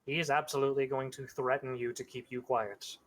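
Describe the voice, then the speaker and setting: A game master with a mid-range voice talking casually with the players. The delivery is dry and wry, with deadpan jokes tossed in. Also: mid-range voice, a little fast.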